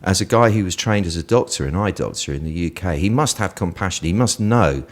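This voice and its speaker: A man, a guest on an interview show, telling stories in an animated way and laughing often in casual conversation. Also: low voice, a little fast. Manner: lively storyteller who laughs often.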